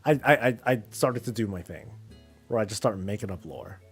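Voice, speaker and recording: Rambling, low-voiced male streamer. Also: expressive, fairly quick, soft background music. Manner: rambling, many fillers and restarts. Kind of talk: casual chat about games.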